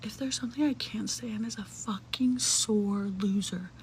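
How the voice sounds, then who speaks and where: Chatting casually about something that happened to her, a young adult woman drops lots of "like" fillers and curse words, along with whispery, hushed asides. She speaks at normal speed with a medium pitch. There's slight background noise, and the audio is poor.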